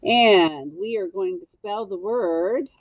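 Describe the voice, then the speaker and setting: Slow, patient woman teaching phonics. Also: medium pitch, dull audio. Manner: slow, patient spelling out letter by letter; gently encouraging. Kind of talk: recorded phonics lesson for children.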